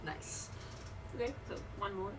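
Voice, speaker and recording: A woman's voice: mid-range voice, unhurried, fairly bright tone. A woman player at a tabletop game, chatty and a bit hesitant as she describes her moves. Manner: chatty and hesitant, with restarts and laughter. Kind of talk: casual tabletop play. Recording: distant mic with faint background noise.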